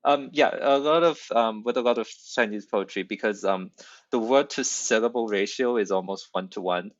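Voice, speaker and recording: A man who is not a native English speaker, talking hesitantly with many pauses and fillers about his own poem. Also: on the low side, dry recording, lo-fi sound. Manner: hesitant, many ums, thoughtful. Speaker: poet in a workshop. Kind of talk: casual discussion.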